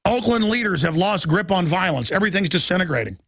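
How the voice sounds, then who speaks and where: A middle-aged man hosting a political talk radio show, ranting urgently and reading headlines aloud in quick bursts. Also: sits high, lively intonation, fairly bright tone, husky, no echo. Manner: urgent, alarmed, rapid-fire ranting.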